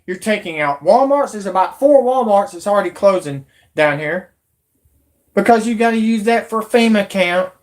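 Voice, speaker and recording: A woman's voice: mid-range voice, lively intonation, normal speed. Angry woman ranting. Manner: angry, profane, shouting in bursts. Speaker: YouTube commentator. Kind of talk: angry political rant.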